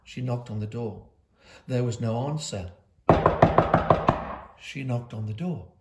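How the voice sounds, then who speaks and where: A woman reading a children's picture book aloud at a school, with lively, dramatic delivery and slow pauses. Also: a bass voice, very noisy. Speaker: school storyteller.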